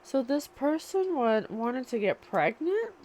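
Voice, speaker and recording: A woman's voice: high voice, sing-song, slow pace, a little mellow. A woman channeling a spiritual reading, musing and questioning aloud as she asks spirit for answers. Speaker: psychic reader.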